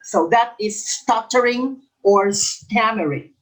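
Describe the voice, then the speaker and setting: Slow-talking male professor with a lisp. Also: high voice, fairly bright tone, poor audio. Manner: reads each question twice, then explains slowly. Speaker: English professor and exam coach. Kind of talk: exam review lecture.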